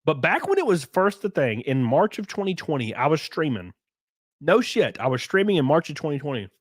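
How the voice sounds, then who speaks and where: A man's voice: fairly high pitch, a little fast, no echo, clean studio sound. A man with an Alabama accent, stuffy from a runny nose, ranting in a casual, profane way on his livestream. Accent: Southern US, Alabama. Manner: animated, profane, mocking. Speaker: streamer host.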